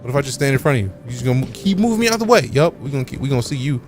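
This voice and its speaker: Animated, playful man streaming a game. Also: mid-range voice, very fast, faint music behind. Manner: playful mock-offended trash talk with slang. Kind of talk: casual live-stream chat.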